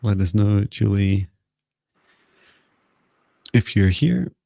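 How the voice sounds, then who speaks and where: A man giving live spiritual readings and energy clearings, speaking slowly and soothingly. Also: fairly low pitch, lively intonation, dark tone, dry recording, clean studio sound. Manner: slow, soothing, meditative. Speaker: spiritual reader.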